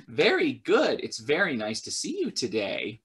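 A young man runs a library storytime for babies, leading songs at an unhurried pace. His voice is bright and leaps up and down in pitch, with sudden high cheers. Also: slightly rough. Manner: sing-song, animated, with sudden high cheers. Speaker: children's librarian.

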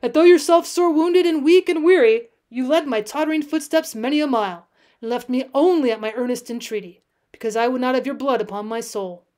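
A woman reads the part of a dying old frontier hunter, calm and firm, his old-fashioned pleading delivered solemnly. The voice sits high and light for the figure, read for a storybook. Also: brisk, natural voice. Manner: solemn, pleading, archaic speech.

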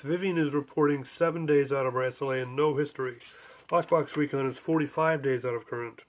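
A man reading his own audiobook, with a dry, deadpan delivery of lists and figures. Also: a little high. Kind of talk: audiobook narration.

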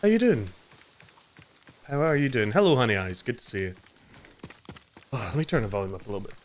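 A man's voice: mid-range voice, very animated, a little fast. A man livestreaming a game, chatting casually and jokingly and greeting viewers by name. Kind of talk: casual gameplay commentary.

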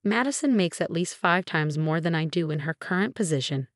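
A woman voicing a gentle, sincere older father-in-law in a narrated story. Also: lowish voice, expressive, a little fast, no echo, studio quality, natural voice. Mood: kind. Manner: warm, sincere.

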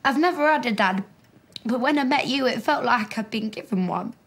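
A young pregnant woman in a TV comedy-drama, caring but blunt. Her voice sits high, and she speaks directly and earnestly. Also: lively intonation, moderate pace, breathy edge. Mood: tender.

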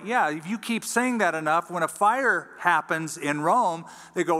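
A man preaching a sermon as pastor, teaching in a conversational way and reading scripture aloud slowly. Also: sits high, lively intonation, pushed and bright, in a large hall. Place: church sanctuary.

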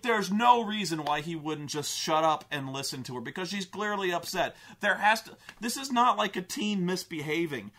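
A high, bright-voiced man rants about a film in a casual vlog. He is exasperated and swears freely, and he rambles through restarts and filler words. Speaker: vlogger, film reviewer. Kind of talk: casual rant.

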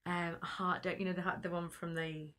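A woman's voice: lowish voice, level tone, normal speed, crowd noise. A woman in her thirties, a guest actress in a casual interview, chatty and laughing as she acts out quotes.

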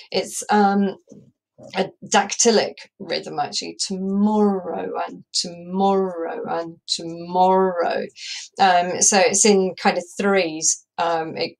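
A woman English teacher giving a recorded lesson over slides, explaining step by step and tapping out rhythms aloud with frequent ums. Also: lowish voice. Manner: explanatory, says "um" a lot, taps out rhythms aloud.

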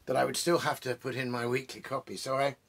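A man's voice: mid-range voice, flat delivery, fast, gravelly, a bit bright. A man hosting a casual, rambling talk about poetry at home among his bookshelves, with many fillers and restarts. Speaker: poet and host.

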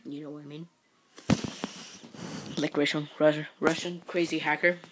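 Woman vlogger, low-ish voice, casual and excitable with whispered asides, noisy phone audio. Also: moderate pace. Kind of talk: casual selfie vlog. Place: bedroom at home. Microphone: phone held at arm's length.

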